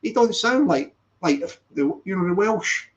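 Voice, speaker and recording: A man's voice: high-pitched, animated, moderate pace. A man hosting his channel in casual live-stream chat, rambling, correcting himself and reading out the chat. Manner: rambling, self-correcting, stops to read the chat aloud. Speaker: channel host. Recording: dull lo-fi sound.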